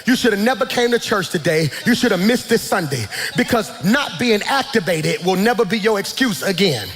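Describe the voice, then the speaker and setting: A man preaching a sermon as pastor, fervent and shouting in rising calls. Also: high-pitched, animated, moderate pace, in a large hall, soft background music.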